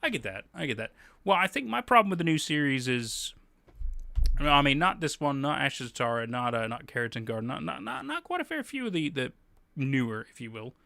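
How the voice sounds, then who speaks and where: A man's voice: mid-range voice, very animated, brisk, gravelly, pushed and bright, no echo. A man hosting a livestream, chatting casually and animatedly, laughing often and swearing freely. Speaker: livestream host.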